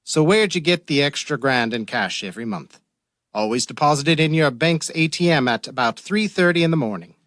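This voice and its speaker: An actor playing a shrewd, dry-witted male police detective in a radio drama, calm and probing. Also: fairly high pitch, fairly quick, dry recording. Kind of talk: radio theater acting.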